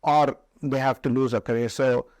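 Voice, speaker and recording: A man hosting a podcast, asking sympathetic, probing questions with frequent "uh" pauses. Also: mid-range voice, steady tone, a little mellow, no room sound, low-quality recording. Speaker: podcast host. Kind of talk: interview questions.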